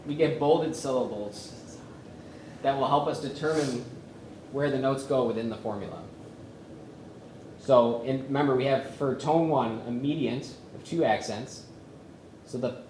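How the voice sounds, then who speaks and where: A man's voice: medium pitch, darkish tone. Guy teaching chant at a workshop, lots of ums, echoey room with a faint hiss. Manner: halting with many fillers, hums melodies to demonstrate. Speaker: music workshop presenter. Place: conference room with a live audience. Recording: roomy echo from a lecture space.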